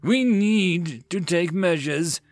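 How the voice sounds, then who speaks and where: A man voicing a hot-tempered male fleet master who speaks loudly and forcefully. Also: high-pitched, big pitch swings, slow pace, no room sound, pitched above the performer's own voice, exaggerated voice.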